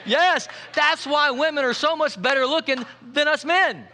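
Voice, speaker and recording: Speaking at normal speed, a playful male pastor delivers a spirited sermon in a high, bright, ringing voice. He cracks jokes and keeps urging the congregation to call back to him.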